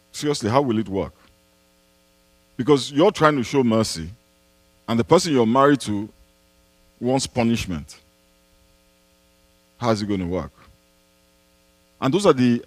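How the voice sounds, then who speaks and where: Emphatic pastor, lively pitch. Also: male voice, no room sound. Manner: animated, emphatic preaching with repetition and rhetorical questions. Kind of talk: sermon-style Q&A answer. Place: church.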